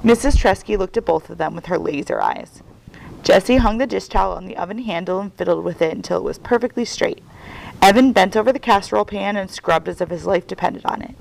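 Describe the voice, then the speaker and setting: A woman's voice: medium pitch, a little fast, vocal fry, poor audio. A woman reading a children's novel aloud as a guest reader, telling it expressively. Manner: expressive storytelling.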